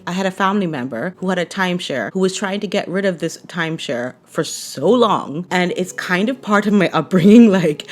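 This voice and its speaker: A woman with a Barbadian accent telling a personal story to camera in a chatty, animated way, often checking in with viewers. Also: on the low side. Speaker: vlogger.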